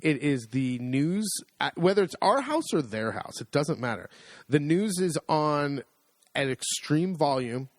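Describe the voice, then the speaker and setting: A man's voice: a little high, very animated, unhurried, no room sound. Go wry and easygoing, as a man. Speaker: podcast co-host. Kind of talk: casual chat.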